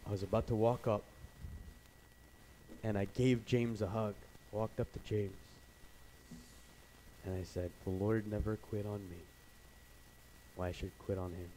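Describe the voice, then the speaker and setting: Young male preacher, low voice, earnest storytelling sermon, faint room hiss. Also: flat delivery, measured pace, long pauses, rough recording. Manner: storytelling, voices his dad loudly, then quiet and earnest.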